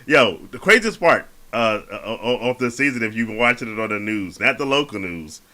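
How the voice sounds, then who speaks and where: A man hosts a relaxed sports podcast chat. His voice sits on the low side yet comes across forceful and bright. He talks loose and slangy, tripping over restarts. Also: a little fast. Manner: laid-back, slangy, frequent restarts and laughter. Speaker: podcast host.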